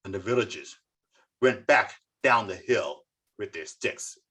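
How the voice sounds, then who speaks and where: A storyteller telling folk tales slowly and dramatically over a video call. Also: animated, bright, forceful tone, husky. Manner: slow, dramatic, with sweeping pitch. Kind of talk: oral folk tale telling.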